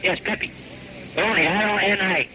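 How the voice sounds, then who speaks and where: A man's voice: high-pitched, fairly even intonation, brisk, bright, forceful tone. A man making a prank phone call, taunting and baiting the person on the line. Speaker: prank caller. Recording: hissy old phone tape.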